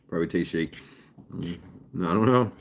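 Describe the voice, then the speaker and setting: A man's voice: lowish voice, warm tone. A man casually chatting and rambling with live viewers as a stream host, often chuckling. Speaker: livestream host. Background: fireworks popping outside.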